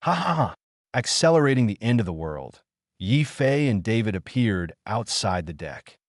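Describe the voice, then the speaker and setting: Reading an audiobook at normal speed, a man gives steady scripted narration in a low voice that ranges widely in pitch. The sound is dry and close-miked, with no room sound.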